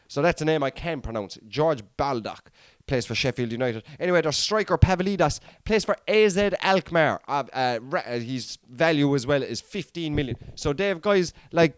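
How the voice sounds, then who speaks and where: Blunt, high-voiced football pundit man. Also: clean tone, dry recording, clean studio sound. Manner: blunt, rambling, rhetorical questions. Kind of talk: casual opinionated football preview.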